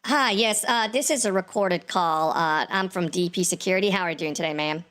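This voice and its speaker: A man's voice: high-pitched, brisk, sharp tone, clear, resonant tone. Overly polite texan security lady, a guy through a voice changer, scambait prank call. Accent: put-on Texan. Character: polite female security caller Faye.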